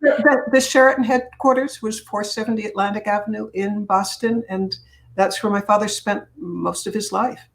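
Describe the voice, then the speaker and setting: A woman's voice: mid-range voice, steady tone, moderate pace. A woman from Massachusetts, an author and speaker, guesting on an interview and telling stories conversationally. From Massachusetts, USA. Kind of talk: conversational storytelling.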